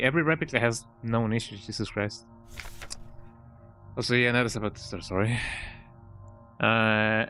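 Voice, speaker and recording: A man's voice: medium pitch, moderate pace, long pauses, fairly bright tone, soft background music. A man streaming a game, reading its text aloud and muttering to himself, stumbling over words and tacking on a questioning "eh?".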